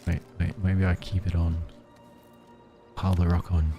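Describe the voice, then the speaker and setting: An Australian man chatting casually while streaming a game, reacting to viewers' messages with soft chuckles. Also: low voice, level tone, normal speed, faint music behind. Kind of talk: casual gameplay commentary.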